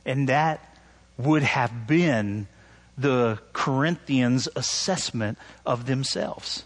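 A man's voice: mid-range voice, slow. A man preaching a sermon, asking his listeners "right?" and mimicking sarcastic tones when he quotes. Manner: animated preaching, rising loud on emphasis, asks "right?" often. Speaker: pastor.

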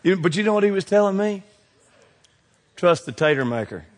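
A middle-aged man, preaching a sermon that swings between loud exhortation and hushed asides. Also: sits high, expressive, normal speed, long reverb tail. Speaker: pastor.

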